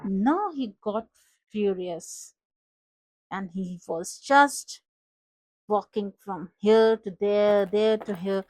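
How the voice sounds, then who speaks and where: A woman's voice: medium pitch, poor audio. A woman with an Indian accent casually improvising a story and mixing in Hindi phrases.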